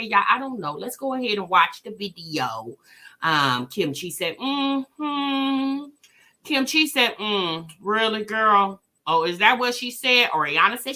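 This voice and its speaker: A woman's voice: fairly high pitch, bright, forceful tone. A woman hosting a casual livestream, greeting viewers by name and chatting with sassy asides. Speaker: livestream host.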